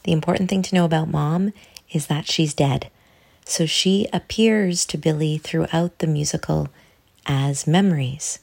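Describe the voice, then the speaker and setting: A woman in her mid-forties, a stage actor giving a calm, unhurried scripted self-description. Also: sits low, gravelly, breathy edge. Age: 40s.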